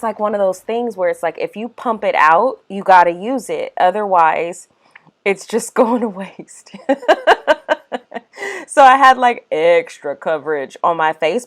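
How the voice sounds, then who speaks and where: A young woman chatting casually as a makeup vlogger, animated and full of "y'all" and "like.". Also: mid-range voice. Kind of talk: casual voice-over chat. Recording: faint music underneath.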